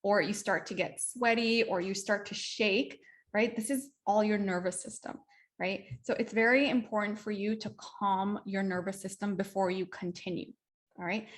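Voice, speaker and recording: A lively young woman from Canada presents a workshop over a video call. She speaks in a middle register and acts out sample phrases. She keeps tagging her points with "right?". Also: medium pitch. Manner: animated, repeats "right?", acts out example phrases. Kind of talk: online workshop teaching.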